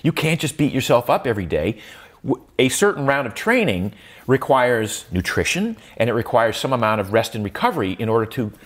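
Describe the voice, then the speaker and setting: Very animated and brisk, this older interview guest has a mid-range voice. He muses aloud, restarting often and using fillers, and lifts his pitch to stress key points.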